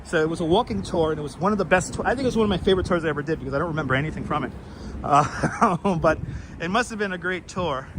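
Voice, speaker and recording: A man's voice: on the high side, quick pace. Chatty man streaming on windy streets. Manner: chatty, rambling, talks to viewers. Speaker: walking tour livestream host. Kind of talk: casual live-stream chat while walking. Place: outdoors on windy city streets. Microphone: wireless clip-on mic. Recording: windy outdoor street recording. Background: wind and traffic noise.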